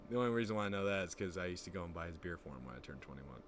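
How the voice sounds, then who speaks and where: A man's voice: low voice, lively intonation, rapid-fire, a little hiss or hum. Loose, swearing young streamer guy. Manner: loose, profane storytelling, often does quoted voices. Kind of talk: casual stream chat.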